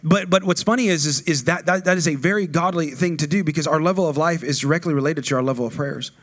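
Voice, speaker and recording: A middle-aged male pastor with a fairly high voice preaches in a loose, conversational way. He often swells into loud, rousing exhortation. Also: quick pace. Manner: conversational, builds to loud call-and-response preaching. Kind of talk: sermon.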